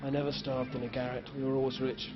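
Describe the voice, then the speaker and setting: Deadpan jokey male TV guest. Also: medium pitch, fast talker, music in the background. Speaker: guest musician and actor. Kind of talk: TV interview. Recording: dull 1980s TV sound.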